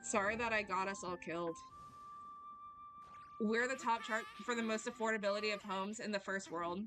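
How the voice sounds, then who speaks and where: A woman's voice: medium pitch, moderate pace. A woman streaming a video game, rambling and swearing casually, laughing and talking back to her chat. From United States. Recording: game music under the voice.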